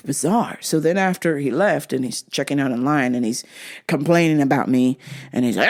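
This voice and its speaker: A woman podcast host telling a story in a casual, profane, animated way. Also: extremely low pitch, normal speed. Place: in London.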